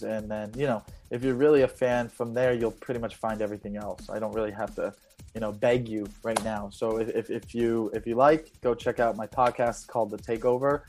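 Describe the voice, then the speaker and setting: A man's voice: mid-range voice, darkish tone. A man, a comedian guesting on a podcast, rambling mock-serious advice with many fillers. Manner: rambling, mock-serious, lots of "you know". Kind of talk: casual comedy podcast chat.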